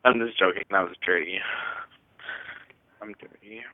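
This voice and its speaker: A man from Washington State leaving a giddy, rambling voicemail for a podcast, squealing in falsetto now and then. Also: fairly even intonation, a little slow, dry recording. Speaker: voicemail caller. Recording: tinny dry phone line.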